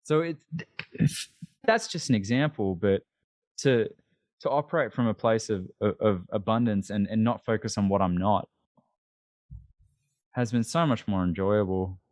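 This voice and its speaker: A man with an Australian accent, a podcast guest talking in a casual interview in an animated, emphatic and self-deprecating way. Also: on the low side, moderate pace, long pauses, no room sound, clean studio sound.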